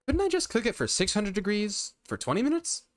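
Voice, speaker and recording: A streamer voicing an excitable young woman learning to cook, bubbly and eager. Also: medium pitch, brisk, pitched above the performer's own voice.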